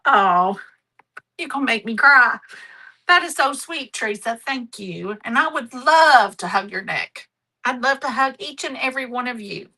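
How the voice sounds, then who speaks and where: A woman's voice: fairly high pitch, expressive, normal speed, sharp tone, rough recording. A middle-aged woman hosting a live craft demonstration, chatty, homey and affectionate. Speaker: craft show host.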